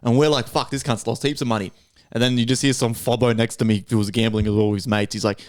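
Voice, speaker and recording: A young Australian man hosting a podcast, animated and profane, reacting and telling his own stories in casual chat. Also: medium pitch. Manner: animated, swears a lot, quick reactions. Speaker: podcast host.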